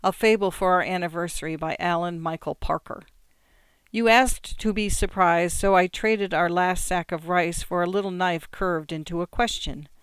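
Calm measured reader doing short fiction, smooth voice, dead dry sound. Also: mid-range voice, no echo. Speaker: story reader. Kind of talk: literary short story reading.

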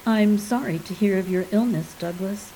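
A woman reading a story, voicing a shy young male medium who speaks softly and gently. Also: mid-range voice, moderate pace, a little hiss or hum, natural voice, rough recording. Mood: gentle. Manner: soft, gentle and smooth.

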